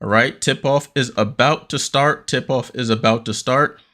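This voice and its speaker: A man hosting a watchalong stream, giving casual play-by-play commentary, a little out of breath and getting more energetic on big plays. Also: mid-range voice, normal speed. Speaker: watchalong host.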